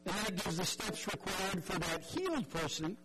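A man's voice: high voice, animated, moderate pace, very noisy. A man preaching a sermon in an earnest, conversational way, often repeating words and acting out the voices in the story.

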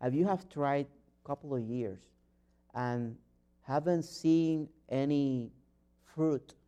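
Man, preacher, earnest sermon, restarts, builds to loud fervor. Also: a little high. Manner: earnest, rising to loud fervent exhortation; non-native phrasing and frequent restarts.

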